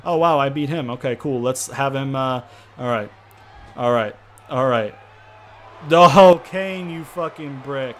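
A man giving excitable, profane let's-play commentary, often repeating himself. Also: medium pitch, a little slow, slight background noise. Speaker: gaming video host.

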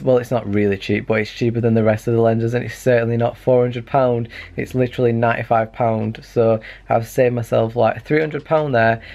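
A man's voice: medium pitch, a little mellow. Young male vlogger, slight lisp, chatty self-deprecating bedroom talk. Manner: chatty, rambling, self-mocking. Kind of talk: casual vlog chat. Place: bedroom at night.

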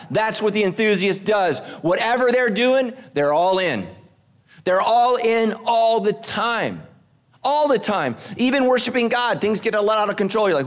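High-voiced joking male pastor. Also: expressive, moderate pace. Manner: joking asides while reading scripture. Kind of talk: humorous sermon. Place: church service before a live congregation.

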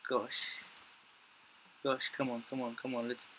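Casting: young male gaming YouTuber with a bright, clear tone; jittery, stammering play-by-play that jumps into panicked repeats. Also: medium pitch, monotone, a little slow, a little hiss or hum. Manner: jumpy, panicky reactions with frequent swearing and repeated phrases; mutters to himself, stammering restarts. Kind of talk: gameplay commentary.

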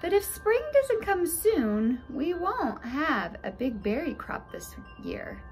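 A woman's voice: high-pitched, huge pitch swings, slow pace, a little mellow, faint music behind, voice pushed up, heavily acted. A woman voicing a smart, studious young boy who speaks precisely.

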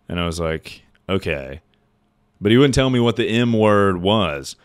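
A young man streaming live, telling a rambling story with casual swearing and bursts of laughter. His voice sits a little low, and he jumps up into loud squeals when he acts out his younger self. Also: expressive, measured pace.

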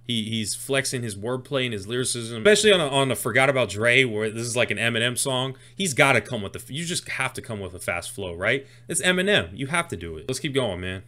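A man reacting to a rap freestyle, his voice bright and forceful as he explains each line. He talks in a loose, casual way and gets excited as he unpacks the wordplay. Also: mid-range voice, quick pace, hardly any pauses. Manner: excitable, breaks down lyrics line by line. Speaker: music reaction host.

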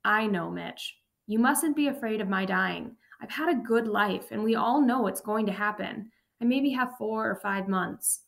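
A woman reading an audiobook and voicing an old, dying male professor who speaks gently and accepts his fate. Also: medium pitch, vocal fry. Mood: calm. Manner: gentle, measured, unhurried. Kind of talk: audiobook narration.

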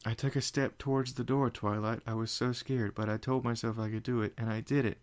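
A man voicing a timid young female pegasus, high and trembling. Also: level tone, fairly quick, close to an everyday voice. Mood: timid excitement.

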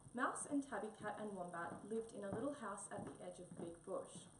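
A woman reading a children's picture book aloud in an expressive storybook manner. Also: medium pitch, fairly quick. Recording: echoey room, mic a bit far, faint hum.

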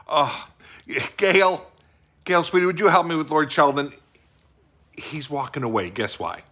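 A man's voice: on the high side, measured pace, sharp tone, pitched above the performer's own voice. A man playing a bumbling, sweet office clerk. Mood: fretful. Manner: rambling, fretful, easily choked up. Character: bumbling, sweet middle-aged male office worker. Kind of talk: improvised comic monologue to an unseen wife.

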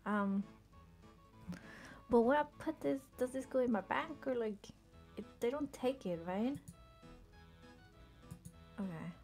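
A woman's voice: a little high, lively intonation, takes it slowly, pauses often, a little mellow, soft background music. A young woman streaming herself playing a game, chatting casually and often laughing and muttering to herself. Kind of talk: casual live-stream commentary while playing.

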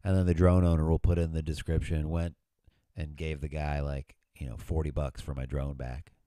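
A man's voice: a bass voice, little pitch movement, moderate pace, mellow, no echo, clean studio sound. A middle-aged man co-hosting a podcast, telling rambling stories in casual chat and swearing freely. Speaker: podcast co-host.

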